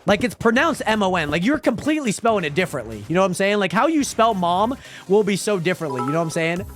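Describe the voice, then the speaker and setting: Animated man chatting over music. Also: high voice, fast talker. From Spokane, Washington, USA. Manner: rambling and filler-heavy, laughs often. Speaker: livestreamer. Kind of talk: casual chat, reacting to viewer chat.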